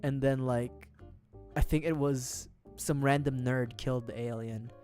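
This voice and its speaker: A man's voice: medium pitch, fairly even intonation, unhurried, darkish tone, soft background music. A man streaming a life-sim game, rambling casually and jokingly to his chat and laughing often. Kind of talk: casual gaming livestream chat.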